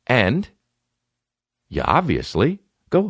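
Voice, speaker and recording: The host of a comedy podcast, a man in his thirties, talks unhurriedly in a fairly low voice with big swings in pitch, cursing as he riffs and putting on mocking voices. It's a dry, studio-quality recording.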